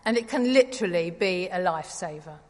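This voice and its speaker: A woman's voice: on the low side, animated, brisk. Woman preaching in an echoing church. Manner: conversational, gently wry. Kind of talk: sermon. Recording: reverberant church hall.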